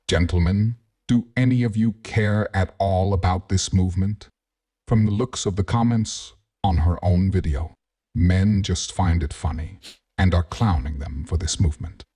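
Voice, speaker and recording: Deep, husky man with dry sarcasm. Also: normal speed, dark tone, recorded from a distance. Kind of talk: commentary.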